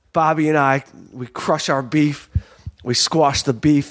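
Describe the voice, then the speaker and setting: A man hosting a podcast, telling a rambling, self-mocking story in casual talk and acting out what people said. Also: mid-range voice. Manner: rambling, animated, self-mocking, acts out quotes.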